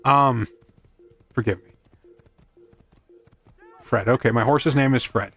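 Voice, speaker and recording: A man's voice: medium pitch, slow, a bit bright, husky, no echo. Man, gaming streamer, rambling quips, mid-range voice, dry sound. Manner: rambling, self-deprecating quips, chats to his horse. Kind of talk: casual gameplay commentary.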